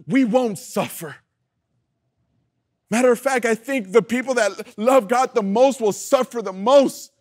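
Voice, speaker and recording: A man preaching a youth sermon with passion, calling the room to repeat lines back to him and swinging from loud emphasis to hushed lows. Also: animated, measured pace. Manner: passionate, call-and-response preaching. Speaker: youth pastor.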